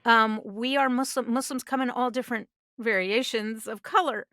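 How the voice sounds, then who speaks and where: A middle-aged woman speaks as a guest on a podcast with earnest conviction, pressing her points with emphasis. Her voice is smooth and resonant. The sound is close and dry. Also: a little high, steady tone, normal speed, sharp tone, no echo. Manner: earnest, emphatic advice-giving. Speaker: voice actress guest. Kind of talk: conversational interview. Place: podcast studio.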